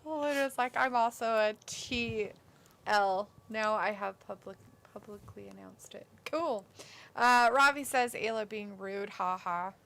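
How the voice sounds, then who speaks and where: A woman's voice: medium pitch, measured pace, gravelly, a bit bright. A woman co-hosting a live stream, chatting casually, bluntly dismissive as she reads viewer comments aloud. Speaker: co-host of a wrestling watch-along stream.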